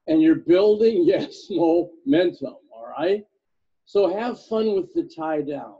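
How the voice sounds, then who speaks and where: A man's voice: on the high side, expressive, takes it slowly, lo-fi sound. A man teaching a sales seminar, playful as he drills his audience with questions. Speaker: sales trainer.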